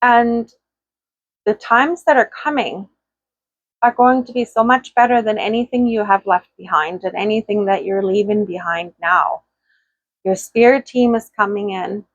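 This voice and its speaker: A woman hosting her own spiritual channel, talking softly and personally to viewers, often pausing, choked up and tearful. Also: mid-range voice, no room sound, highs cut off. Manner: soft, heartfelt, pausing often.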